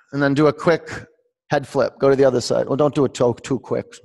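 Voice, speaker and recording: A man's voice: mid-range voice, vocal fry, a little mellow, long reverb tail. A man teaching a live yoga class, calling out poses and counting breaths, joking with his students by name. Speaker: yoga instructor. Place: yoga studio, large room.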